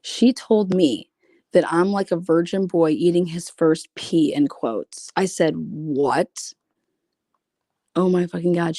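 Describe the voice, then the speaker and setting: A woman's voice: fairly low pitch, mellow, dry recording, studio quality. A woman streaming casually, reading private messages aloud with blunt, sarcastic, profane asides. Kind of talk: casual livestream commentary.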